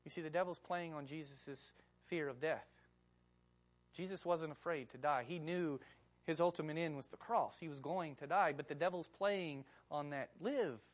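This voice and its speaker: A woman's voice: sits low, normal speed. A woman preacher delivering a sermon, emphatic and repeating key phrases with rhetorical questions.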